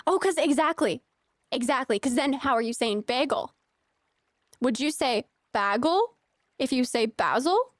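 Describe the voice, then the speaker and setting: In studio-quality audio with no echo, a young American streamer playing a farming game chats casually to her viewers. Her voice is a little high, and she giggles and fills her talk with filler words.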